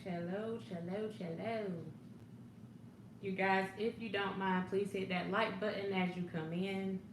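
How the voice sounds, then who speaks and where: Woman, life coach, casual livestream chat, slow, laid-back, echoey room. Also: medium pitch, level tone. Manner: laid-back, warm greetings, frequent laughs and ums. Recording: echoey room, faint background noise.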